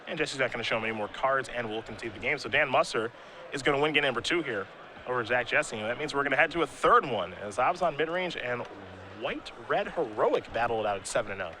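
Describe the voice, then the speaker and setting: A man's voice: medium pitch, animated, fast talker, bright, forceful tone, a little hiss or hum. A man calling a card game tournament live as play-by-play commentator, with playful, teasing banter between plays.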